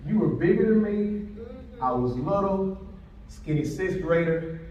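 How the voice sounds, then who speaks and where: Man, motivational speaker, animated storyteller, slightly high voice, far from the mic in an echoey hall. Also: a little slow, lo-fi sound, heavy background noise. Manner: animated storyteller who acts out quoted voices. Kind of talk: inspirational storytelling speech. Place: large indoor hall.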